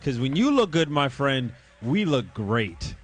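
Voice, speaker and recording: A man's voice: mid-range voice, big pitch swings, measured pace, husky. A man on a live stream talking enthusiastically, often repeating words as he goes, laughing easily. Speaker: network guest. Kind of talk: casual live-stream chat.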